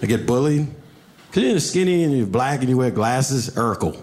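A male comedian performing stand-up, telling stories animatedly and jumping into shrill character voices. His pitch moves widely. A clear room ambience and audience laughter sit behind him on a stage mic. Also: very animated, moderate pace, noisy background.

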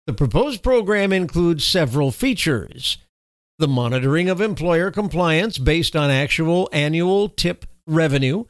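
A man hosting political commentary, reading news items in a formal, steady way and breaking off into sarcastic, scornful remarks. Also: on the high side, no echo. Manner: sarcastic, scornful asides with chuckles; reads official text in a steady, formal delivery.

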